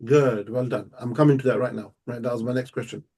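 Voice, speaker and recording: A man teaching a live language lesson, explaining step by step and repeating words slowly and patiently. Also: mid-range voice, steady tone, warm tone, husky. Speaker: Arabic teacher.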